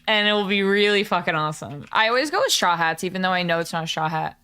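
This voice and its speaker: A woman streamer in casual live-stream chat, chatty and excitable, swearing freely as she talks to her viewers. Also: fairly low pitch, fast, smooth.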